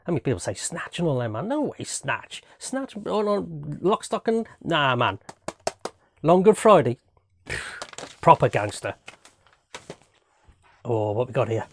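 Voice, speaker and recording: A man's voice: medium pitch, dry recording, clean studio sound. Enthusiastic rambling man. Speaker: home video host reviewing films. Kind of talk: casual chat. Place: home room.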